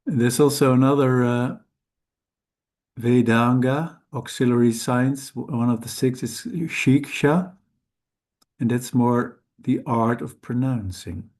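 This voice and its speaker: A man whose first language is Dutch, teaching Sanskrit letters in a slow, careful lesson, hesitant and correcting himself often. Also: mid-range voice, steady tone, a little mellow. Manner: hesitant, halting, with frequent self-corrections.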